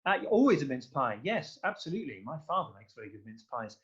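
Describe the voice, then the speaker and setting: Male guest conductor, effusive and rambling, slightly higher voice, lo-fi call sound. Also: very animated, fast, crowd noise. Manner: enthusiastic, effusive, rambling with fillers. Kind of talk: casual interview chat.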